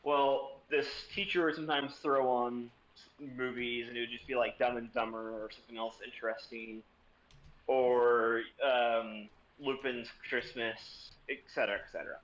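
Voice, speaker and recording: A man's voice: medium pitch, fairly even intonation, moderate pace, fairly bright tone, lo-fi sound. A young man, a streamer, casually telling a rambling story and swearing freely.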